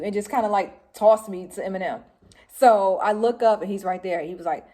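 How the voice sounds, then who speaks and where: Animated woman telling a story. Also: mid-range voice, a little fast. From Detroit, Michigan, US. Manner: animated, laughing, shrieks when reliving excitement. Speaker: vlogger telling a personal story. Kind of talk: casual storytelling to camera. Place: home room with laundry behind.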